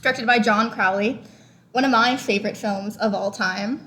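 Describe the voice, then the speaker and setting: A woman co-hosting a movie podcast in casual chat, gushing and chatty with many fillers, breaking into excited squeals. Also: moderate pace. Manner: bursts of excited high squeals.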